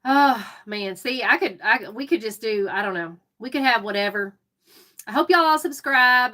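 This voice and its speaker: A woman's voice: mid-range voice, sharp tone. A woman from Alabama with a Southern accent, chatting casually and opinionatedly as co-host of a live stream.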